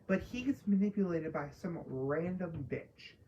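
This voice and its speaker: A woman's voice: lowish voice, expressive, unhurried, dark tone, muffled recording, a little hiss or hum. A woman casually ranting through a spoiler review of a TV episode, profane and exasperated, mocking characters she dislikes. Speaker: TV show reviewer.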